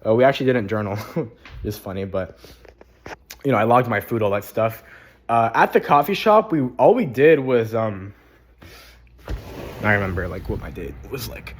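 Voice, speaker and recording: A man's voice: lowish voice, expressive, moderate pace, long pauses, a little hiss or hum. A young man vlogging casually about his day, rambling and swearing, tired and a little out of breath while walking. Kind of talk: casual daily vlog.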